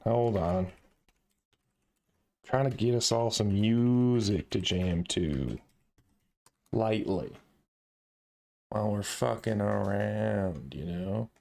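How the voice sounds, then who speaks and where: A man's voice: fairly low pitch, slow pace, gravelly, long pauses, darkish tone. A man hosting a casual live stream, laughing often and swearing lightly while he sets things up and talks to his chat.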